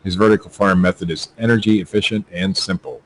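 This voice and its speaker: Man, fairly low voice, stumbling news read, casual podcast, faint hum behind. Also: steady tone. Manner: stumbling, halting reading with fillers. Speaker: podcast co-host reading news. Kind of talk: casual chat, reading news aloud.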